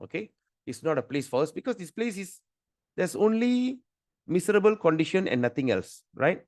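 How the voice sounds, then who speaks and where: Teaching scripture on a video call, a middle-aged spiritual teacher rambles through stories, frequently repeating himself and starting phrases over. His voice sits high and swings widely in pitch, at a normal speed and with a slightly mellow tone. The recording is dry.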